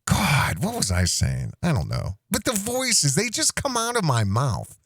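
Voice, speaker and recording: A man's voice: fairly high pitch, wildly swooping pitch, unhurried, a bit bright, breathy edge, no room sound, studio quality. A man hosting an online commentary show, talking in a rambling, self-interrupting way with many restarts and asides. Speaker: host.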